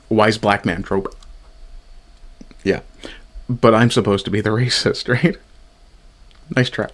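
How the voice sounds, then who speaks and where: A man in his fifties giving a sarcastic, exasperated review, swearing often as he rants. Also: medium pitch. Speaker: TV show reviewer. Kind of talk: ranting review commentary.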